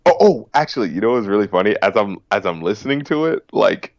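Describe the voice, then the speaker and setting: A man's voice: fairly low pitch, big pitch swings, fast talker, dry recording, muffled recording. A man co-hosting a stream, rambling through casual chat and mimicking people. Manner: rambling, laughing, mimics others.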